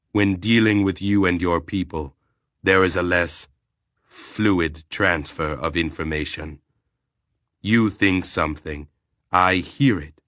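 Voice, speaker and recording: A man voicing an ancient, calm alien planetary intelligence that speaks in a clinical, measured, literal-minded way. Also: low-pitched, no echo, studio quality.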